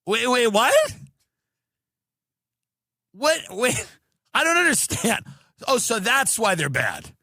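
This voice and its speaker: A man's voice: very high voice, huge pitch swings, slow pace, creaky, long pauses, bright, forceful tone, no room sound, studio quality. A man hosting a podcast, ranting in a comedic, incredulous way and switching into mocking voices. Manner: incredulous, ranting, mocks others in put-on voices. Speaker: podcast host. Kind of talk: comedic rant.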